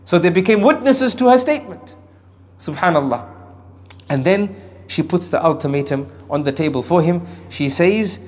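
A man preaching a sermon on Quran verses. He swings between raised emphasis and hushed asides, and recites Arabic phrases with careful pronunciation. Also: fairly high pitch, expressive, moderate pace. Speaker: Islamic preacher.

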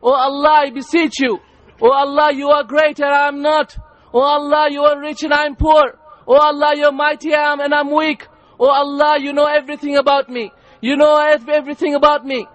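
A humble male pilgrim cries out to his Lord in an imploring voice, as a preacher acts him out. The voice is high and strained. It is a prayer acted out inside a sermon. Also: flat delivery, brisk, fairly bright tone, no room sound. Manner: imploring, crying out.

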